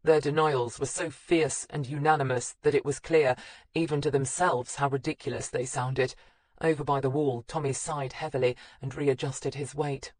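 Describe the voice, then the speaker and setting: A woman narrating a crime audiobook in a measured, even reading. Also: a bass voice, no echo. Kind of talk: scripted narration.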